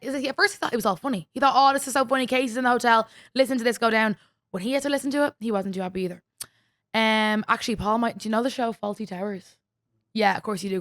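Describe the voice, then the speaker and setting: A woman's voice: medium pitch, a bit bright, no echo, studio quality. Chatty young Irish woman telling stories. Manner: chatty storytelling with lots of fillers and swearing. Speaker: podcast host. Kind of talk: casual chat.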